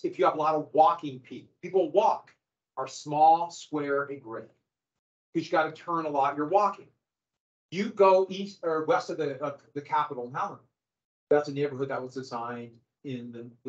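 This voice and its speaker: A middle-aged man gives a classroom lecture in a loose, conversational way, tossing in dry sarcastic asides. His voice sits slightly high. The recording is a little dull and lo-fi, as if captured in the room. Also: normal speed. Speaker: high school history teacher.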